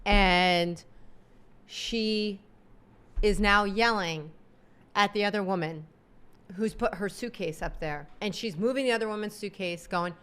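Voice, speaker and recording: Female co-host, chatty and exasperated, clear smooth voice, average pitch. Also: measured pace. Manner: animated, exasperated, acts out quotes. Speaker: podcast co-host. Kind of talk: casual storytelling chat.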